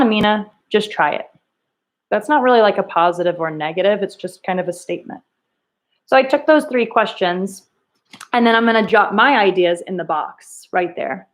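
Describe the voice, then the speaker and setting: A woman teacher leading a reading lesson, thinking aloud and coaxing students with questions. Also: mid-range voice. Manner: thinks aloud, rereads lines in different tones.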